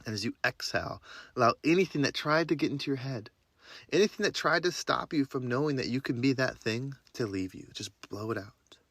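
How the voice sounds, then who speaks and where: A man hosting a self-help podcast, guiding listeners through breathing and affirmations in a slow, calm, deliberate way. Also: mid-range voice, dry recording. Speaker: podcast host and life coach. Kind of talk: guided breathing meditation and affirmations.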